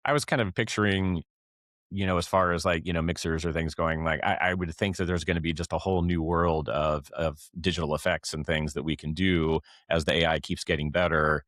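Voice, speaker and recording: A man's voice: sits low, fairly even intonation, a little fast, a bit bright, no echo, clean studio sound. A man hosting an interview, asking long, hesitant, rambling questions. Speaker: podcast host.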